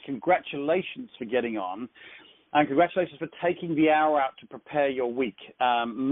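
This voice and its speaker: A man with an English accent hosting a conference call, chatty and rambling with frequent restarts. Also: mid-range voice. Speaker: host of a business conference call. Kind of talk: casual motivational talk. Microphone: phone. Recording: tinny phone line.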